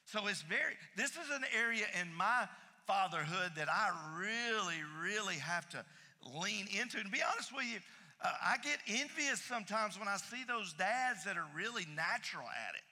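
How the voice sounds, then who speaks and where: A man preaching a sermon, emphatic, repeating key phrases and swinging between loud and soft. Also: high-pitched, animated, moderate pace, in a large hall. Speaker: pastor.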